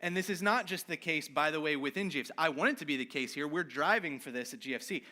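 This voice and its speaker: A male pastor with a slightly high voice talks fast in an informal, conversational sermon. He's animated and candid about his own failings, frequently checking in with "right?".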